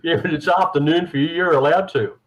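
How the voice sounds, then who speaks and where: An Australian man with a slightly high voice, chatting over a video call. He talks in a relaxed, jokey way and laughs easily. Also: fast, dull audio. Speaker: tour partner guest. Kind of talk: casual video call chat.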